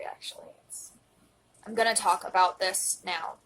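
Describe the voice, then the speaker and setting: A woman's voice: medium pitch, normal speed, vocal fry, fairly bright tone, a little hiss or hum, low-quality recording. A woman in her twenties speaking earnestly into a phone in a personal confessional vlog, emotional and close to tears, at times dropping to a whisper. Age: 20s. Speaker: vlogger.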